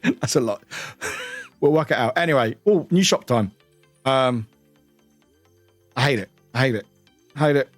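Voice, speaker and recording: A tired British man streaming live, chatting in a rambling, excitable way and swearing now and then. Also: mid-range voice, normal speed, pauses often, no echo, soft background music. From United Kingdom. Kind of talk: casual livestream chat.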